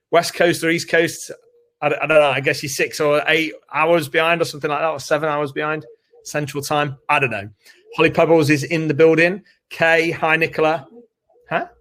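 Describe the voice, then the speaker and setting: A British man with a somewhat high voice co-hosts a live online training session from his home. He talks in a casual, chatty, upbeat way, reading out names of people joining. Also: a bit bright. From United Kingdom. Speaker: co-host of a live training webinar. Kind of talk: casual live-stream chat. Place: home room with doors open.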